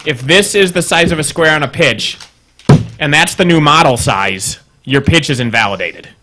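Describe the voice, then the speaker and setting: Male podcast co-host, bright crisp tone, dry deadpan humor, likes to argue. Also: on the high side, normal speed, a little hiss or hum. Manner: dry, argumentative, deadpan quips. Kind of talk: casual gaming podcast chat.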